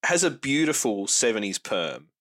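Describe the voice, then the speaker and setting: A man hosting a podcast, recapping a film plot in casual, wry chat. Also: moderate pace. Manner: wry, joking recaps with lively pitch. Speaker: podcast host. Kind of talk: casual movie review chat.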